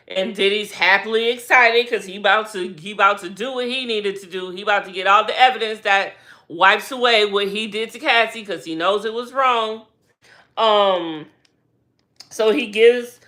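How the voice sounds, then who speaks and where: A woman vlogger giving a casual, animated recap with slangy talk and lots of rhetorical asides. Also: medium pitch.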